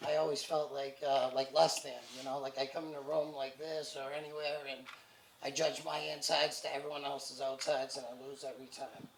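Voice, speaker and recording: A man telling his own recovery story to an audience, halting and self-deprecating, a little short of breath. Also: medium pitch, creaky, slight background noise. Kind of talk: personal story told to an audience. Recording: echoey hall.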